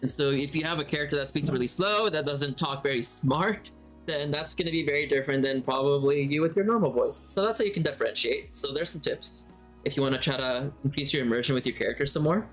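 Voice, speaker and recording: A man's voice: fairly high pitch, fast talker, fairly bright tone, faint music behind. A man giving a casual spoken lesson on running tabletop games, talking conversationally, thinking aloud and rephrasing as he goes. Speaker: game master teacher.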